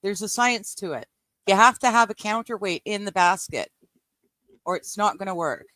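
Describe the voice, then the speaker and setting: A woman co-hosting a casual livestream, laughing easily and giving quick agreeing replies. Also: medium pitch, animated, bright, forceful tone, dry recording. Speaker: livestream co-host. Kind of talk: casual chat.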